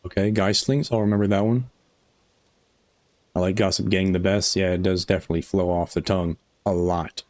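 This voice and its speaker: A man's voice: deep voice, steady tone, fairly quick, darkish tone, no echo. A man live streaming a game, chatting casually with his viewers in a rambling, chuckling way, tired after hours on air.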